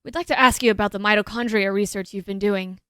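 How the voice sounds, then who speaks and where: A woman's voice: mid-range voice, fairly even intonation, quick pace, fairly bright tone, clean tone, no echo, natural voice. A woman voicing a dogged male police detective, reading his game lines aloud in her own voice. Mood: questioning. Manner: read plainly in her own voice. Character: gruff male NYPD detective, dogged and blunt.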